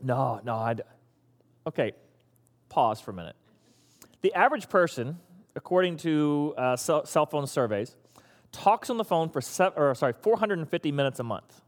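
A man's voice: a little high, sing-song, moderate pace, long reverb tail. A man preaching a sermon to his church in a conversational, teasing way. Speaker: pastor.

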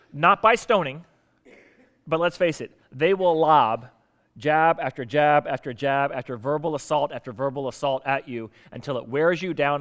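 A man's voice: on the high side, fairly bright tone. Emphatic man preaching a conversational sermon. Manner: conversational and emphatic, with rhetorical questions and repetition.

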